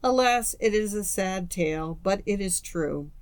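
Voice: mid-range voice, animated, measured pace, clear, resonant tone, no echo. A storyteller reading the lines of a young woman in a storybook, tearful and resigned, spoken mournfully. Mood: grave.

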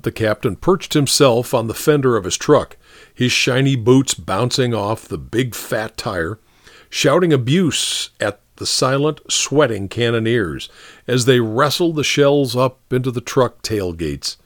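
A man calmly narrating a story as an audiobook reader. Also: medium pitch, no echo, studio quality.

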